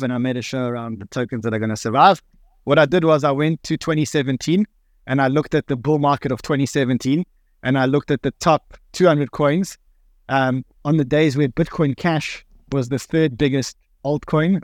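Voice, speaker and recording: A man with a South African accent and a fairly high-pitched voice co-hosts a live audio panel in a casual, chatty way. He explains at length and runs through lists of figures, and the studio-quality recording has no room sound.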